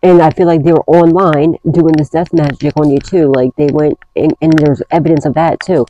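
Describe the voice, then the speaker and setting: A woman's voice: low voice, steady tone, normal speed, warm tone, muffled recording, slight background noise. A woman giving a casual tarot reading, blunt and profane, rambling through restarts as she talks to her viewers. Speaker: tarot reader.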